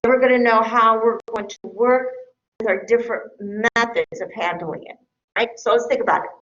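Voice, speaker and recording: A woman's voice: a little high, steady tone, moderate pace, a bit bright. A middle-aged woman lecturing a class in a conversational way, often checking in with her listeners. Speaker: teacher. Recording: echoey room, dull lo-fi sound.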